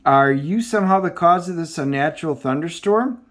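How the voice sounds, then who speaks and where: A man's voice: on the high side, moderate pace, fairly bright tone, lightly acted. A man reading the lines of a proud male thunder god from a comic, in grand, formal, old-fashioned speech. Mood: bewildered.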